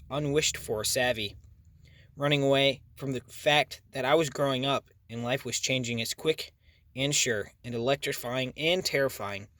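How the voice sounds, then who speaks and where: Male audiobook narrator, mid pitch, dead-dry booth sound. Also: fairly bright tone, no echo. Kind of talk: first-person audiobook narration.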